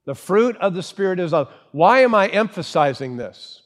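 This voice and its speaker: Emphatic male preacher with a raised pitch. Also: big pitch swings, normal speed. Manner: emphatic, repeats key phrases, asks the congregation questions. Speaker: pastor. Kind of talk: sermon.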